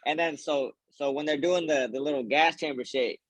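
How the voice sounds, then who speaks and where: A man's voice: on the high side, normal speed, no echo. A man co-hosting a podcast, rambling through a funny story full of filler words and laughter. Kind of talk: casual chat.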